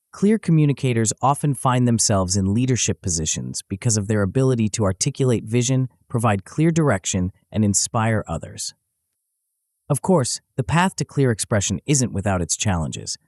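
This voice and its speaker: A man narrating a self-help audiobook in a measured, instructional way, close to the mic. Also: fairly low pitch, no room sound. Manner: even, measured instructional delivery.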